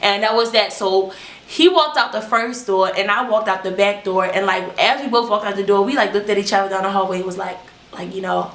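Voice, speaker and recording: A woman's voice: medium pitch, brisk. Young woman spilling a storytime on her vlog, blunt and cussing a lot, voice echoes round the room. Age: young adult. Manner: candid, animated, profane storytelling. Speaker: vlogger. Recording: roomy echo.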